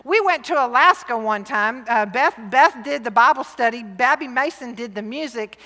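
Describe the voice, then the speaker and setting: A middle-aged woman, preaching to a women's rally with lively, emphatic, jokey swings between loud and hushed. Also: on the high side, normal speed. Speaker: women's conference speaker. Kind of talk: sermon. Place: large church hall. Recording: long hall reverb.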